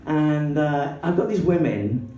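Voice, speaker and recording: An English woman doing stand-up comedy, an excitable, swearing storyteller who acts out the people in her story. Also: a little slow. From England. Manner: excitable, swearing, acting out characters in shrill put-on voices. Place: comedy club stage. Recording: roomy hall, voice from a distance, faint background noise.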